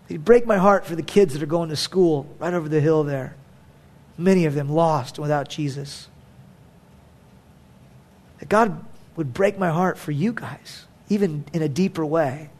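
A man's voice: on the high side, moderate pace, long pauses, darkish tone. A man preaching a sermon as a pastor, conversational and emphatic, with casual fillers.

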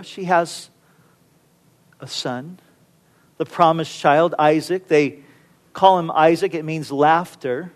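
A man preaching a sermon, telling a scripture story in a casual, playful way and acting out the characters. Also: sits high. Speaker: pastor.

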